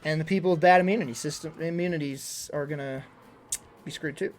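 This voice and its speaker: A young man streaming live in casual chat, out of breath, rambling and worried, swinging between loud emphasis and low mutters. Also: a little fast. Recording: faint music behind.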